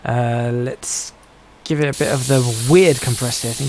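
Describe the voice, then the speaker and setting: A man's voice: medium pitch, steady tone, measured pace, hardly any pauses, noisy background. A man streaming a game, giving casual commentary and musing aloud to himself as he plays. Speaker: gaming streamer.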